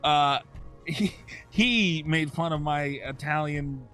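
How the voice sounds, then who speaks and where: A man co-hosting a podcast in casual chat, grumbling and deadpan, swearing often. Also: on the high side, takes it slowly, faint music behind. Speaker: podcast co-host.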